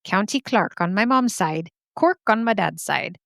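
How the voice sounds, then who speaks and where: A woman's voice: mid-range voice, expressive, unhurried, creaky, a bit bright, no echo, clean studio sound. A woman doing a clumsy put-on Irish lilt. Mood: earnest. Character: woman letter writer in a mock Irish accent.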